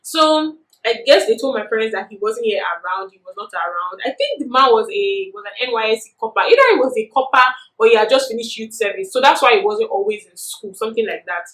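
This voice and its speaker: A young woman with a Nigerian accent telling a story in a chatty, animated vlog, filling her talk with "you know". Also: a little high, brisk, few pauses. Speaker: vlogger. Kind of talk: casual storytelling. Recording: echoey room.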